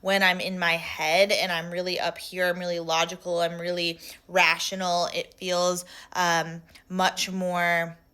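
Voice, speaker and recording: A woman's voice: on the low side, little pitch movement, measured pace, few pauses, bright, forceful tone, clear, resonant tone. A woman speaking as a spiritual coach in a reflective guided talk, earnest and questioning, repeating phrases for emphasis.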